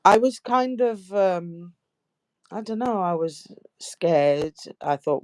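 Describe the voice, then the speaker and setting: A woman's voice: on the low side, takes it slowly, gravelly, darkish tone, no room sound. An older woman, a guest in a casual interview, telling anecdotes, acting out quotes and often ending with "you know?". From United Kingdom.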